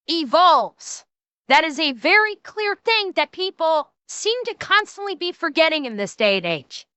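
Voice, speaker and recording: A woman's voice: high-pitched, pushed and bright, dry recording. A woman streamer giving a blunt, lecturing commentary and swearing casually as she talks.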